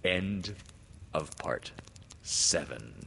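A man reading a classic children's story aloud in a slow, hushed, dramatic manner, then thanking listeners. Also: on the low side, a little hiss or hum.

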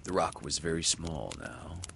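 A man reading a children's story aloud, swelling loud and dropping to hushes with the action. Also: extremely low pitch, expressive, a little slow, creaky, a little hiss or hum. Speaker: narrator.

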